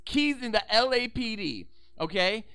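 A young man chats on a podcast, excitable and profane, with a high, bright voice that leaps all over the place. His voice is close and dry. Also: measured pace, smooth, no echo. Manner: excitable, profane, reenacts movie scenes. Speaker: podcast co-host. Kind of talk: casual chat.

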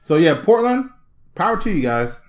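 A man's voice: high voice, big pitch swings, normal speed. A man co-hosting a casual comedy podcast, talking in loose slang. His voice swings up and down a lot as he acts out the people in his stories. He breaks into laughter often. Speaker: podcast co-host.

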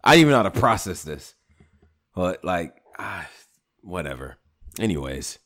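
A man hosting a casual podcast chat, talking in an animated, profane, rambling way. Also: low voice, moderate pace. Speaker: podcast host.

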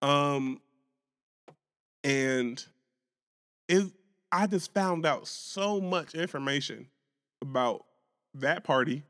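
A man's voice: on the high side, slow pace, long pauses, a bit bright, smooth, long reverb tail. A man co-hosting a podcast in casual chat, profane and laughing often as he tells stories. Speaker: podcast co-host.

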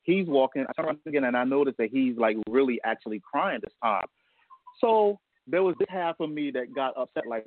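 A man's voice: medium pitch, expressive, a little fast, no echo. Male guest, heartfelt storyteller, laughs through it, dry tinny phone line. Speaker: guest, a father. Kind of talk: casual radio interview.

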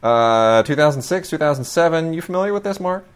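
A man's voice: fairly high pitch, lively intonation, a little fast, clear, resonant tone. A middle-aged man hosting a casual chat about new releases, rambling with many fillers and restarts, gushing with enthusiasm. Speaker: host.

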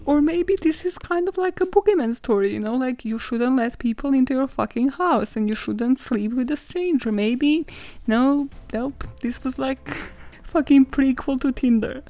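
A woman's voice: sits high, moderate pace, warm tone, no room sound. A woman hosting a podcast, retelling a fairy tale in a sarcastic, profane, chatty way, laughing often and saying "like" a lot. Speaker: podcast host. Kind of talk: casual comedic storytelling.

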